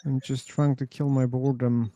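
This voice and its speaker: A man's voice: mid-range voice, level tone, normal speed, mellow, no echo, studio quality. A man hosting an online voice-chat room, rambling casually, laughing and swearing as he tells stories.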